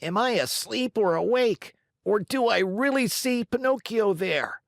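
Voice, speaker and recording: A man voicing an excited wooden male marionette clown who yells wildly in a high voice. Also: unhurried, gravelly, no room sound, clean studio sound, full character voice. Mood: thrilled. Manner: shouting wildly.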